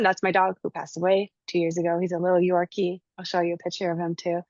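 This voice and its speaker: A woman's voice: lowish voice, fast talker, dry recording. A woman telling a personal story in casual chat, acting out the voices of the people in it. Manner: animated, acts out voices in the story. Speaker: guest sharing a spiritual experience. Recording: slightly dull lo-fi sound.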